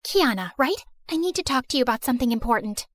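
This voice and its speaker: A woman voicing a popular, scheming teenage girl in an animated story, urgent and persuasive. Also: high voice, fast talker, no room sound.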